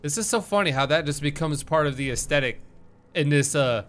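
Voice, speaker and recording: A man giving casual, jokey let's-play commentary, reacting excitably to the game. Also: on the high side, fairly quick, a little hiss or hum. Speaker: gaming YouTuber.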